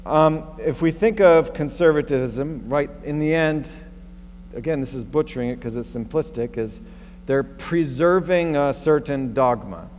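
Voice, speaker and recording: A man's voice: a little high, expressive, unhurried, a little mellow. A male pastor preaching a sermon in a conversational way, thinking aloud and asking rhetorical questions. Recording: long reverb and faint mains hum.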